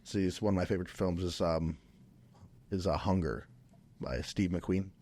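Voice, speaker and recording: A man from Minnesota with a low, deep voice tells a story on a podcast. He talks casually and loosely, doubling back, restarting sentences and filling gaps with ums. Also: moderate pace, darkish tone. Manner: rambling, many restarts and fillers. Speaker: podcast guest.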